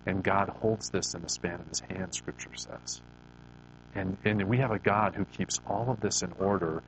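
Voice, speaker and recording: A man with a fairly low voice gives an earnest, conversational devotional talk. He speaks with faith, and often restarts his sentences with repeated words. A faint hum sits behind him. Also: rough recording. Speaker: Christian speaker.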